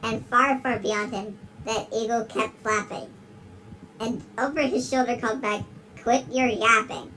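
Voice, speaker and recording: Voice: medium pitch, fairly even intonation, measured pace, bright, forceful tone, a little hiss or hum, low-quality recording. A performer voicing a giggly big-lipped alligator who gives a dramatic rhyming storybook reading. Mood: storytelling. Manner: reads in rhyme and keeps breaking into giggles.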